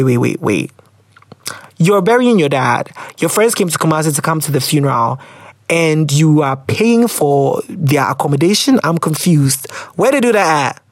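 A man's voice: high voice, dry recording, studio quality. A Ghanaian man hosting a podcast, giving casual, playful advice on listener letters and slipping into sassy quoted voices.

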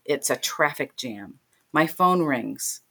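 A woman's voice: low-pitched, animated, takes it slowly, a bit bright, breathy edge. A middle-aged woman telling a personal story in an interview, emotional, acting out the voices of the people in it. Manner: emotional, retells scenes by voicing the people in them. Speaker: interview guest.

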